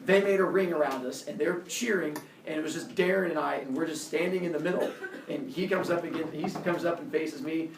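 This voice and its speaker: A man's voice: a little high, brisk, roomy sound, far from the mic, noisy background. A man, a coach, telling a personal story casually and acting out the voices of the people in it. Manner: animated, acts out quoted voices.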